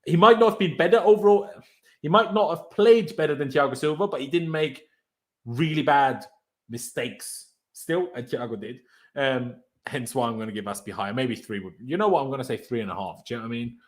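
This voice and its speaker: A man hosting a casual fan chat over a video call, laid-back and trailing off softly at the ends of his sentences. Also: mid-range voice, a little fast. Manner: relaxed, laid-back, often trails off quietly. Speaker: podcast host leading player ratings.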